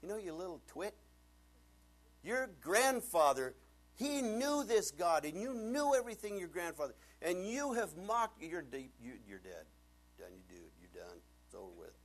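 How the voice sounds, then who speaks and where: A man voicing a fierce old male prophet scolding a young king, his voice pushed much higher than his own and full of rebuke. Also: quick pace, hardly any pauses, a little mellow, breathy edge. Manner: scathing, rebuking.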